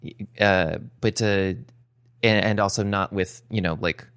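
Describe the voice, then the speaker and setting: A man's voice: lowish voice, fairly even intonation, measured pace, a bit bright, slight background noise. A man co-hosting a podcast, chatting casually with hesitant restarts. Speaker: podcast co-host. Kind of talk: casual chat.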